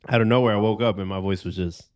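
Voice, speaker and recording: A man's voice: on the low side, fairly even intonation, fast talker, clean tone. A young man in his twenties telling stories in a loose, profane way on a casual podcast. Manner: loose storytelling with heavy cursing. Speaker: podcast host. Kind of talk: casual chat.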